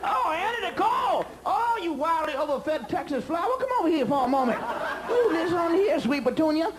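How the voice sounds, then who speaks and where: A man's voice: very high-pitched, big pitch swings, brisk, very noisy, voice pushed up. A crafty, lecherous ninety-year-old billionaire drawls and barks orders, as a male comedian puts him on. He sounds cranky and folksy, an old-timer with no patience left. A big live crowd roars around the voice. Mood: leering. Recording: live club crowd laughing.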